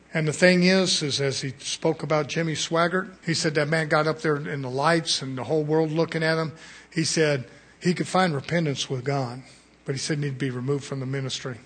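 A man preaching a fiery sermon, swinging from quiet asides to shouted peaks. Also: fairly high pitch, slightly rough.

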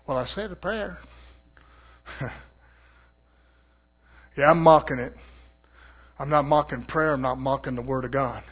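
A man preaching a sermon, swinging from low murmurs to shouted declarations and calling out to the congregation for responses.

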